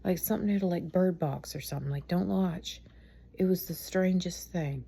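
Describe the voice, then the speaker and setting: A woman's voice: on the low side, normal speed, vocal fry, dark tone, husky. A tired middle-aged woman telling a rambling, chatty story about her son late at night, laughing at it along the way. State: tired, speaking softly at night. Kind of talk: casual storytelling vlog.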